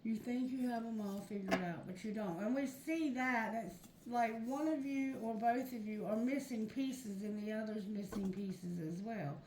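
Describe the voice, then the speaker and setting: A woman's voice: fairly high pitch, moderate pace, hardly any pauses. A woman reading tarot for her viewers, talking frankly and chattily and now and then calling on spirit. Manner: frank, chatty, addresses spirit, earthy phrasing. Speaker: tarot reader. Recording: echoey room with noise behind.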